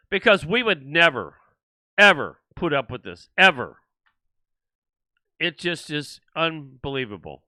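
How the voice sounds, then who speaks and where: A man's voice: fairly high pitch, pushed and bright, no echo. Indignant older man ranting. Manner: indignant, repetitive ranting with restarts. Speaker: host. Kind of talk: political livestream commentary.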